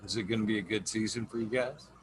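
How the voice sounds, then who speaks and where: A man's voice: on the low side, fast. A man hosting a casual stream, easygoing, asking his guest questions and swearing now and then. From Michigan. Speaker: podcast host. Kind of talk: casual livestream chat. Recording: clear background noise.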